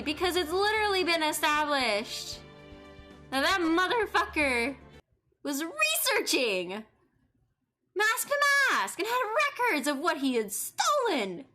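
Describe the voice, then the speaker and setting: A young woman streaming a game, giving loud, frustrated commentary full of swearing. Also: sits high, very animated, a little slow. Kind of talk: live gameplay commentary. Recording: faint game music behind.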